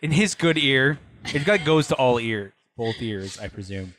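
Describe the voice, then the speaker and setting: A man at a tabletop role-playing session, thinking his moves through aloud. His voice sits in a middle pitch. He hesitates, restarts and sighs as he decides. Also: expressive, normal speed, crowd noise. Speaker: player. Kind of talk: casual tabletop game chat.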